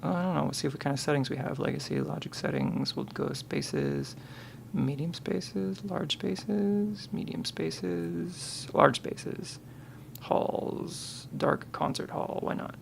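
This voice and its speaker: A man's voice: on the high side, big pitch swings, slow pace, gravelly, slight background noise. A man on a live stream, thinking aloud and muttering to himself, counting and correcting himself as he works.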